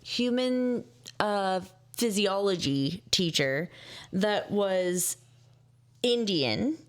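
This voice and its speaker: Slow-talking woman co-host. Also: mid-range voice, animated. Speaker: podcast co-host. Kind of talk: casual podcast banter.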